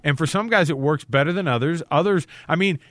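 A man's voice: fairly high pitch, brisk, a bit bright, no room sound. A man hosting a casual sports talk show, rambling a bit and retelling what players said. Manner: rambling, restarts and quotes players. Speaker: sports radio host.

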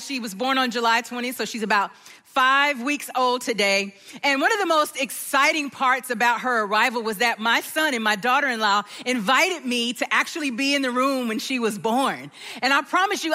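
Animated high-voiced woman in a church. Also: big-room sound. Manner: animated and warm, with joyful outbursts. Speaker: guest speaker. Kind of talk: sermon talk.

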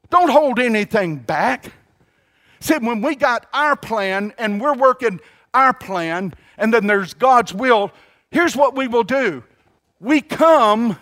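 A man's voice: very high voice, lively intonation, a bit bright. A man preaching a sermon, emphatic, drawing out key words and calling on the congregation to repeat after him, with frequent restarts. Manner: halting restarts, drawn-out emphasis. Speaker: pastor.

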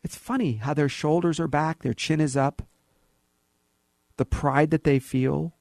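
A man's voice: on the high side, unhurried, gravelly, pauses often, no room sound, clean studio sound. A man hosting a talk radio show, delivering an opinionated monologue with sarcasm, acting out bits of dialogue in other voices. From California. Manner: animated, sarcastic, acts out dialogue. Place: radio studio.

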